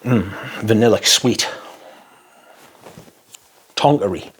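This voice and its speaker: A man's voice: on the low side, slow, slight background noise. Chatty guy doing a casual review, goes off on tangents. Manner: rambling, chatty, swears while ranting. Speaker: fragrance reviewer. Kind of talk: casual first-impressions review.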